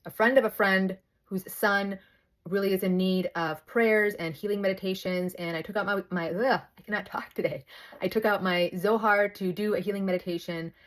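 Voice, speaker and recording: Her medium-pitched voice moves at a moderate pace as she talks chattily into a phone held near her. The host, in her thirties and a little out of breath, keeps cutting herself off and starting over in an animated, casual story to camera.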